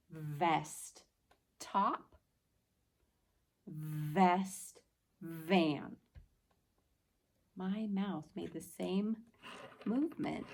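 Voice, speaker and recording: A woman teacher walks young learners through a phonics lesson, stretching out each sound with patient, exaggerated care. Her speech is very slow and unhurried, with a low, gravelly fry running through her voice. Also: a little mellow. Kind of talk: early-reading phonics lesson.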